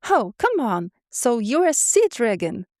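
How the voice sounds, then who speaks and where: A woman's voice: a little high, sing-song, a little slow, darkish tone, no echo, clean studio sound, voice pushed up. A woman voicing a young male cat who studies magic, hasty and fussy in manner. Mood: flustered.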